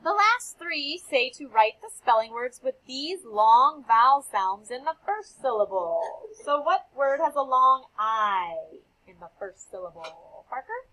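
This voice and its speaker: A young woman teacher with a slightly husky, breathy voice that rises and falls a lot as she talks. She speaks slowly, calls on children by name and repeats their answers back to them. Her pitch sits a little high. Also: animated, pushed and bright, rough recording. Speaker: elementary school teacher. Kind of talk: classroom phonics lesson.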